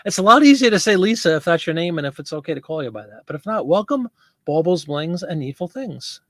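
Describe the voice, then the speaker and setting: With a sing-song, fairly bright voice on the high side, a man talks a little fast while hosting a casual live selling stream. He rambles, laughs often, and reads viewers' comments aloud as he chats with them. Dry, studio-quality recording.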